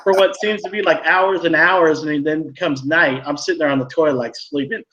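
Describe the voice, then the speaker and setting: A man's voice: a little high, steady tone, a little fast, pushed and bright, dull audio, slight background noise. A man telling a long, rambling story in casual live-stream chat, full of "like" and restarts. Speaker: co-host.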